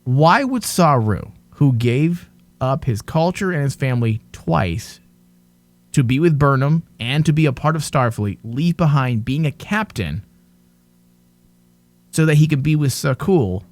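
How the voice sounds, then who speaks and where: Animated, ranting man podcast host. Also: medium pitch, measured pace, no echo. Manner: exasperated, ranting, swears, laughs often. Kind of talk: casual TV review chat.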